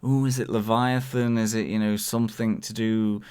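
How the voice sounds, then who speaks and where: A man's voice: on the low side, flat delivery, moderate pace, a little mellow, clean tone. A man co-hosting a podcast, chatting casually and searching for words as he rambles through his thoughts. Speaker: podcast co-host. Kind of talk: casual TV review chat.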